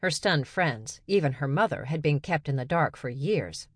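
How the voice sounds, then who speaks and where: A woman narrating a science fiction story in a steady, measured way. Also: deep voice, breathy edge, no room sound, clean studio sound. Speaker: audiobook narrator. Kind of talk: scripted narration.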